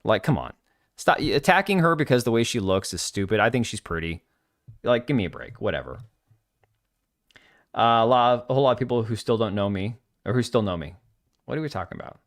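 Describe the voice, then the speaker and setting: Male stream host, casual rant commentary, very animated delivery, dry close sound. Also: medium pitch, fairly quick, pauses often, no room sound. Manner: ranting, blunt and mocking. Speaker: livestream host.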